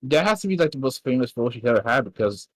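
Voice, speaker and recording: A man's voice: medium pitch, lively intonation, racing, no room sound, low-quality recording. A man on a casual podcast chat, explaining things in an informative way.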